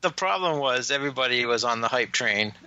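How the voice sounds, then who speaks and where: A man co-hosting a movie commentary podcast with a gravelly voice, dropping in wry, playful quips. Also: mid-range voice, lively intonation, pushed and bright, dry recording, lo-fi sound. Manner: wry, quick interjections, playful. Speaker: podcast co-host. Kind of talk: casual commentary banter.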